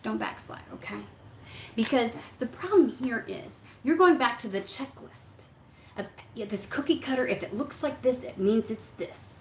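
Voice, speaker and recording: A woman giving a casual tarot reading, chatty and blunt, swearing freely and acting out what her listeners think. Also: a little high. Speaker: tarot reader. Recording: echoey room with faint background hum.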